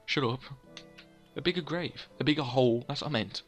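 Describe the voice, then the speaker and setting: A man's voice: mid-range voice, a little fast, faint music behind. A young man casually commentating his gameplay, rambling and joking at his own expense. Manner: rambling, self-mocking, chatty, laughs at own jokes. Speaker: let's play host.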